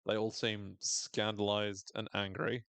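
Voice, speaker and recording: Male podcast host, mid pitch, excitable recap talker who curses casually and mimics lines, recorded dry and close. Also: unhurried, gravelly, clean tone, dry recording. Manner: enthusiastic, swears freely, acts out quoted lines in shifting voices.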